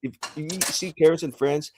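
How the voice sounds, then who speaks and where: A man chatting casually on a podcast, animated and quick to laugh as he tells stories. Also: a little high, background noise. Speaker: co-host.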